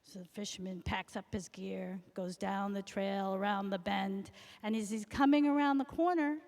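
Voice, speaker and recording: A woman reading a storybook aloud to young children in a slow, expressive, sing-song manner. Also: mid-range voice. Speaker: guest story reader. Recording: echoey school hall.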